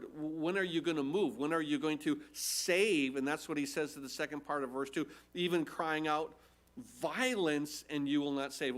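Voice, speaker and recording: In a church, a pastor with a fairly high, slightly bright voice preaches a sermon. He teaches earnestly and emphatically through scripture, using rhetorical questions.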